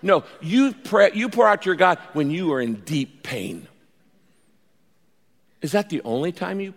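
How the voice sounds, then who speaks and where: A man delivers a sermon as pastor, lively and dramatic, slipping into pleading prayers and story voices. His voice sits a little high for a man. It rings with the long reverb of a large church hall. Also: gravelly. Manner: animated preaching, acts out pleading prayers.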